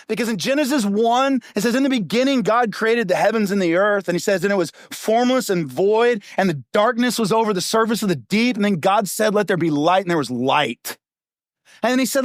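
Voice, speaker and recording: A middle-aged male pastor preaching a sermon in a punchy, conversational way, full of rhetorical questions and quick asides. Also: high voice, dry recording, clean studio sound. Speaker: lead pastor.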